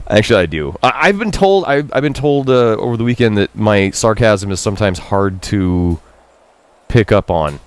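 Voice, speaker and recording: A man streaming a Japanese game, reading out the characters' lines and translating them in a chatty, self-mocking way, jumping up in pitch to quote and dropping low for asides. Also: lively intonation, moderate pace, clear, resonant tone. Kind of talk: casual live-stream commentary.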